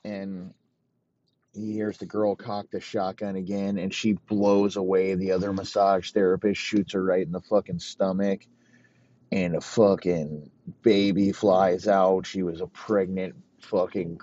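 A man narrates a crude comic tale slowly and flatly, his voice sitting on the low side. The recording is dull and lo-fi with a faint background hum. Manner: profane, deadpan narration. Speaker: comedy podcast host. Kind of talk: improvised comic storytelling. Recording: muffled lo-fi recording.

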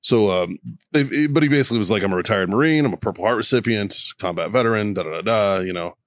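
A man's voice: on the low side, quick pace, dry recording. A man co-hosting a podcast, telling profane stories in casual chat and acting out both sides of phone calls. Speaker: podcast co-host.

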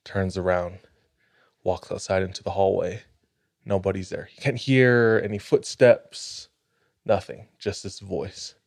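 A man hosting a podcast, telling a spooky story in a measured, suspenseful way. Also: low-pitched, steady tone, creaky, a little mellow, no echo, studio quality. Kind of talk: casual storytelling.

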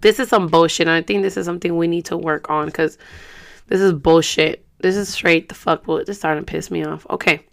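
A woman's voice: on the low side, fairly even intonation, brisk, gravelly. A woman in her thirties ranting to her viewers in a casual vlog, frustrated and profane, slipping in Spanish words. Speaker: vlogger.

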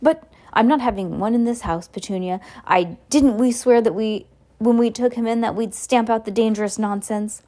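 A woman's voice: fairly high pitch, moderate pace, pitched above the performer's own voice, close to an everyday voice. A woman reading aloud and voicing a bullying, blustering middle-aged uncle who snaps and sneers. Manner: loud, snapping and sneering.

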